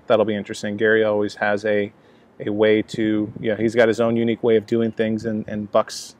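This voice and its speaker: A man casually reviewing a cigar outdoors, rambling with many fillers and restarts. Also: fairly low pitch. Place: outdoors at a laptop, breezy day.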